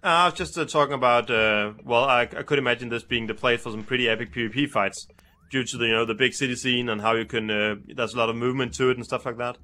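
Young male co-host, bright tone, halting speech with many restarts, casual. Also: mid-range voice, fairly even intonation. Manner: hesitant, repeats words while searching. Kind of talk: casual game review chat.

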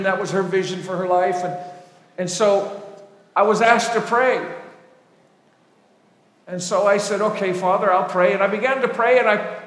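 A man preaching a sermon, telling stories with animated swings between loud emphasis and hushed asides. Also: sits high. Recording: echoey hall with long reverb.

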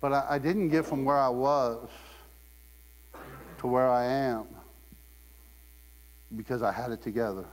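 In a church sanctuary, a guest preacher tells funny stories in his sermon, animatedly acting out the quoted voices by raising his own. He speaks at medium pitch and a measured pace with long pauses, and the audio carries long hall reverb plus mains hum.

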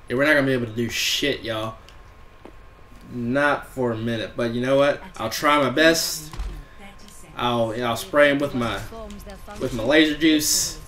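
A gamer with a mid-range, slightly bright voice gives casual commentary on his own play, unhurried and with long pauses. He taunts and trash-talks opponents, swearing and laughing playfully, over slight background noise.

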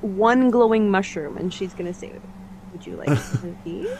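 A woman's voice: mid-range voice, animated, moderate pace, heavy background noise. A woman playing a tabletop game in casual chat, hesitant and giggly. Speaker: player. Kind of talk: tabletop role-play chat.

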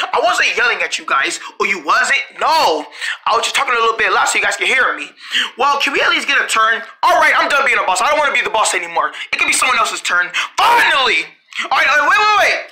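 A storyteller acting out an improvised toy play, switching quickly between bossy and whiny character voices and giggling through lines. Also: mid-range voice, pushed and bright. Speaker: storyteller voicing every character.

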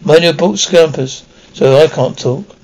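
A man's voice: fairly high pitch, unhurried, darkish tone, low-quality recording. A man voicing a chatty, blunt schoolboy wizard in an audiobook reading. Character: excitable red-haired schoolboy wizard.

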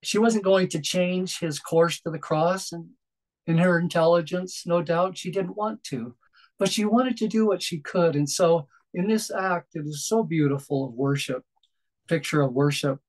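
A man preaching a sermon in a gentle, reflective way, pausing often and restarting his phrases. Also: on the high side, low-quality recording.

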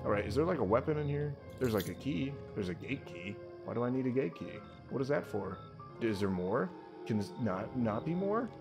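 A young man talks through a horror game, cracking jokes and muttering to himself, then yelping and swearing when it gets scary. His pitch swings widely from low mumbles to high-pitched shouts. Game music plays behind him. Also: sing-song, moderate pace. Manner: jumpy and jokey, swearing and talking to himself. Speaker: let's play host. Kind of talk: horror game playthrough commentary.

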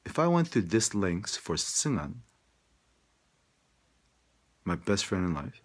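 A man's voice: sits low, sing-song, slow. A man talking straight to his audience in a rambling, profane, emphatic monologue. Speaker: vlogger.

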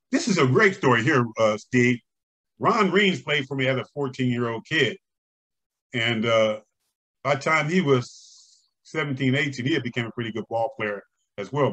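An older man with an average-pitched voice tells stories in a lively way. He chuckles as he goes and acts out the people he quotes. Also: slightly rough. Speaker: interview guest, former umpire and scout. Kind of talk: conversational storytelling.

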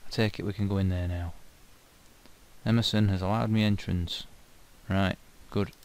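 A man's voice: low voice, steady tone, moderate pace, a little mellow. A man with a Yorkshire accent giving chatty, self-mocking commentary as he plays a video game. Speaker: let's play host. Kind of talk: casual gameplay commentary.

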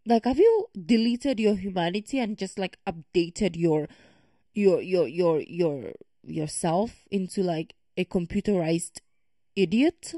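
Woman reaction creator, emphatic ranter, mellow voice, dry sound. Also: fairly low pitch, lively intonation, measured pace, dry recording. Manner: ranting, emphatic and exasperated. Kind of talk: casual reaction commentary.

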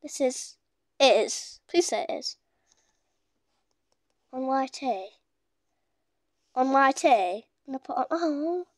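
A woman giving casual, excitable gameplay commentary as a gaming YouTuber, gushing with exclamations. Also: sits high, takes it slowly, pauses often, no echo, clean studio sound.

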